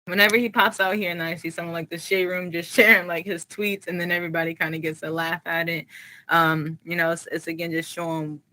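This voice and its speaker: Brief: easygoing woman host, slightly low pitch, conversational. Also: fairly quick, low-quality recording. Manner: relaxed, conversational, lots of fillers. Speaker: podcast host. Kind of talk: casual chat.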